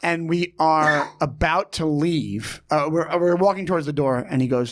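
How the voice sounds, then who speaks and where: Animated man telling a story on a podcast. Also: on the high side, moderate pace. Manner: animated storyteller, acts out quotes, laughs often. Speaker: podcast host. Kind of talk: casual storytelling chat.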